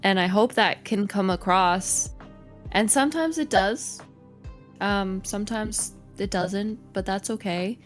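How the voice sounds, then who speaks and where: A woman's voice: mid-range voice, slow pace, faint music behind. A woman guest, a streamer and content creator, chatting casually in an interview, bubbly and giggly with lots of "like" fillers.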